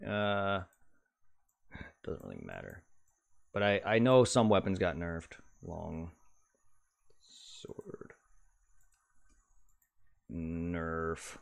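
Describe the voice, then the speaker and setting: This man streams a game and chats casually, rambling, muttering and humming as he reads things aloud. He talks extremely slowly with long pauses, his low voice creaky but animated.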